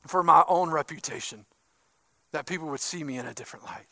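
High-voiced pastor preaching with fervor. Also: male voice, fairly quick, vocal fry, dry recording. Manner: emphatic, swinging from loud bursts to hushed asides. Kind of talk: sermon.

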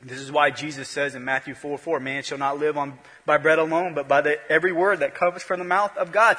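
Male pastor, sermon delivery, bright and husky, rising and dropping volume, long church reverb. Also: on the high side, fairly quick, few pauses. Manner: swings from loud to hushed, repetitive preaching cadence.

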